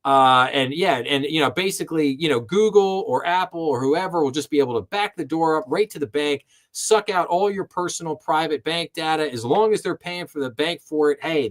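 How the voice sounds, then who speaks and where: A man hosts a live-streamed finance commentary show, his voice sitting a little higher than most men's. He talks with impassioned, sarcastic energy, and he restarts and repeats words as his indignation builds. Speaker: host.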